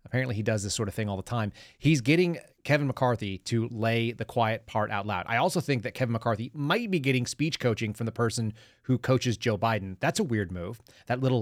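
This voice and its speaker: A man's voice: mid-range voice, expressive, a little fast, no echo, clean studio sound. A man hosting a political commentary podcast, talking in a casual, rambling way and giving cues to his producer. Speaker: podcast host.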